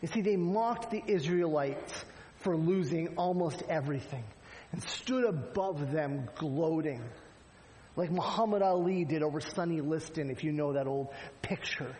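A man's voice: fairly high pitch, unhurried, a little mellow, big-room sound, low-quality recording. A man preaching a sermon in a conversational way, with frequent rhetorical asides to the congregation. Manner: conversational preaching, frequent "right?" asides, acts out quoted lines. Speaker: pastor.

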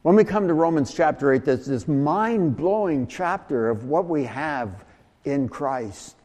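A man preaching a sermon, talking slowly and haltingly with frequent restarts and fillers. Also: on the high side, expressive, a little mellow, in a large hall. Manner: slow, halting delivery with many restarts and fillers. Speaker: pastor.

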